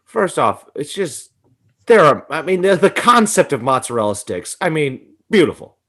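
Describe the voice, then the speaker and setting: A man's voice: fairly high pitch, big pitch swings, normal speed, a bit bright. A young man co-hosting a podcast in casual chat, ranting animatedly and swearing often, with frequent laughter. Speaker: podcast co-host.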